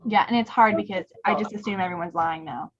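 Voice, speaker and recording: A woman hosting a casual live stream, chatty and quick to laugh, often trailing off softly. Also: mid-range voice. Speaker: host. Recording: dull lo-fi stream audio.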